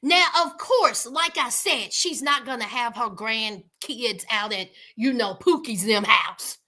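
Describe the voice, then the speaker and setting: A woman's voice: on the high side, unhurried, pushed and bright. A woman giving a sassy, emphatic casual recap of a reality TV show.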